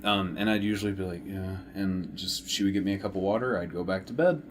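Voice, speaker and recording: Low-voiced man telling a story. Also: fast, a little hiss or hum. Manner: relaxed storyteller, laughs easily. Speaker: co-host. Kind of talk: casual chat.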